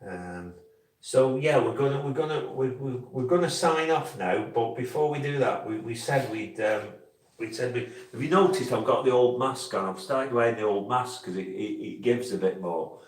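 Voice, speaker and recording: A man's voice: mid-range voice, moderate pace. A man hosting a casual live stream, rambling and chatty with lots of restarts. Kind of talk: casual live chat with viewers. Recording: echoey room, mic at a distance.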